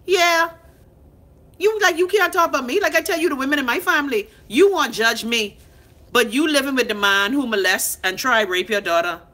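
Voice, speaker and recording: A woman's voice: high-pitched, normal speed. Brash Bahamian woman ranting. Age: 30s. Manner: blunt, profane, animated, talks back to commenters. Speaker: live-stream host reading comments. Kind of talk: unfiltered casual rant.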